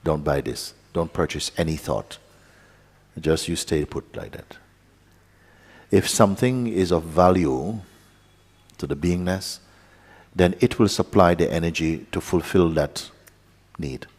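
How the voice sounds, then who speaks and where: A man with a very low voice speaks slowly and calmly, guiding listeners into quiet contemplation and now and then slipping in a playful aside. His voice rings out in a large hall with a long reverb. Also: breathy edge. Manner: slow, calm guidance with playful asides. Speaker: spiritual teacher. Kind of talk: guided meditation talk.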